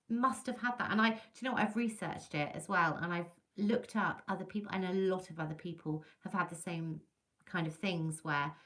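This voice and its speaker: A chatty woman from England tells ghost stories on a casual livestream, her voice bright and clear. She talks in a lively, animated way and breaks off now and then to greet viewers by name. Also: fairly low pitch. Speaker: livestream host.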